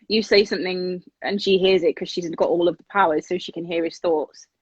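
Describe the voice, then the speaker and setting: A woman with an English accent chatting casually on a phone livestream, reading fan questions aloud in a brisk, chatty way. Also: fairly low pitch, steady tone, breathy edge, no room sound. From England. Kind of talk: casual live-stream chat. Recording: dull lo-fi phone audio.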